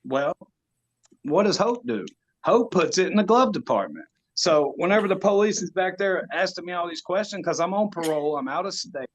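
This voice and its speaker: Lively man telling a story. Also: high voice, normal speed. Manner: animated, laughing storyteller with Southern US slang. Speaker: podcast guest. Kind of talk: casual storytelling.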